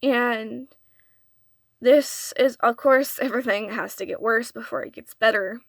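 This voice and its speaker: Earnest young woman, bright close voice. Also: on the high side, unhurried, creaky, no echo. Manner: earnest, confessional retelling. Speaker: vlogger. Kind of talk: storytime vlog.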